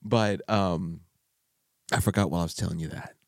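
A man's voice: low voice, moderate pace, no room sound, clean studio sound. A man hosting a podcast interview, telling rambling stories with many fillers and frequent laughs. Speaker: podcast host. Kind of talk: casual conversational interview.

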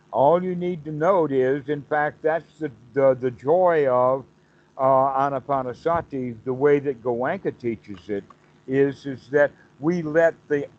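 A man's voice: a little high, muffled recording. A man teaching meditation on a call, explaining patiently and acting out the mind's inner self-talk in quotes.

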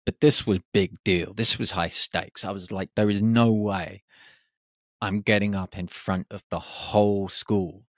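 A man in his forties from the UK, a podcast host telling a reflective personal story and acting out his nervous inner voice in hushed tones. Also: on the low side, fairly even intonation, a little slow, no room sound, studio quality. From United Kingdom.

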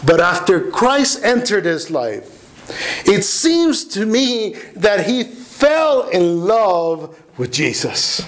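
A man's voice: high voice, very animated, slow, rough recording. A man preaching a sermon, earnest and emphatic, often restarting his words. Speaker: pastor.

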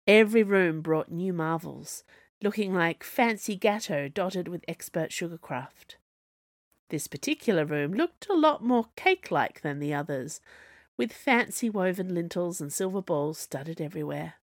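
A woman reading her own serialised fiction aloud, in a measured storytelling manner. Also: lowish voice, no room sound, clean studio sound. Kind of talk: scripted narration.

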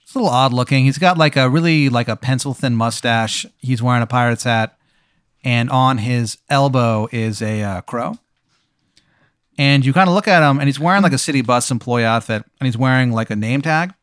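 A man telling a rambling, deadpan improvised story, full of fillers. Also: mid-range voice, a little fast, smooth, no echo, studio quality.

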